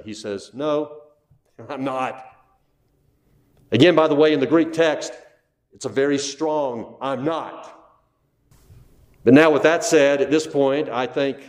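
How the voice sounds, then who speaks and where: A man's voice: medium pitch, darkish tone. A male pastor giving an expository sermon, stressing key words and asking his listeners questions. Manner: emphatic, repeats key phrases, asks the listeners questions. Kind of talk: expository Bible teaching.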